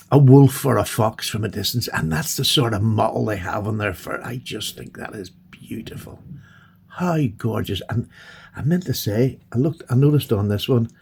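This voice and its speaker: A man chatting excitedly and gushing as he unboxes and admires his new knives. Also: mid-range voice, gravelly, husky. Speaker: knife collector vlogger. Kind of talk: casual unboxing chat.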